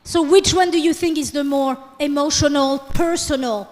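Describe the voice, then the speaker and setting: A woman's voice: high-pitched, steady tone, normal speed. A woman teaching French in a classroom lecture, switching between English and French and coaxing the class with questions. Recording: long hall reverb.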